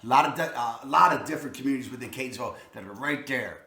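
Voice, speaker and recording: A man's voice: rapid-fire, pushed and bright, roomy sound. Emphatic salesy man with a Baltimore accent. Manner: salesy, emphatic, repeats "I'm telling you" and "boom". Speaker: real estate agent. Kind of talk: enthusiastic real estate vlog.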